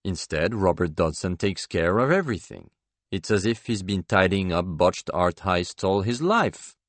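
A man narrating a novel in the first person, measured and dryly ironic. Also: low voice, lively intonation, no room sound. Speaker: audiobook narrator.

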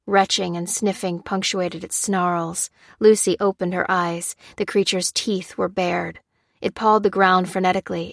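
A woman narrating an action audiobook in a steady, measured storytelling manner on a close studio mic. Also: lowish voice, gravelly, dry recording. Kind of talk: scripted narration.

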